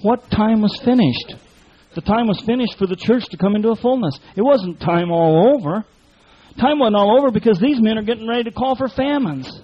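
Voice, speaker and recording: A man's voice: very high voice, breathy edge. A man preaching a sermon in a fiery, folksy way, full of colloquial speech. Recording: dull lo-fi recording.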